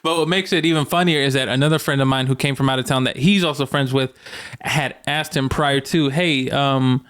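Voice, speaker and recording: A man's voice: mid-range voice, fairly quick, clean tone. Laid-back young man telling a funny story. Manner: animated storyteller, swears freely. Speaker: podcast co-host. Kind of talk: casual chat.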